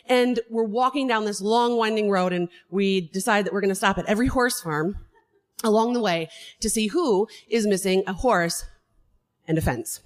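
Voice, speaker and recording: A woman telling a true personal story to an audience, animated, laughing and swearing as she goes. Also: fairly high pitch.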